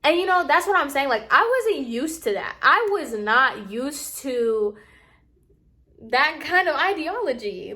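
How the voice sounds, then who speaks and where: A young woman vlogger telling a storytime in a casual, animated, exasperated way, acting out what others said. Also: a little high, a little slow. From Puerto Rican heritage.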